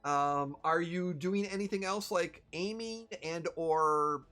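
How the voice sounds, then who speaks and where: A game master running a tabletop game, talking in a chatty, halting way with many fillers. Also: medium pitch, a bit bright.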